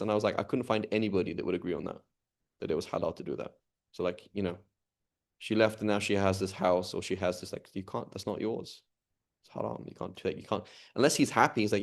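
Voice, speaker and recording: A man's voice: on the low side, steady tone, fast. A man teaching an informal class, talking conversationally and often checking in with the students. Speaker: Islamic studies teacher.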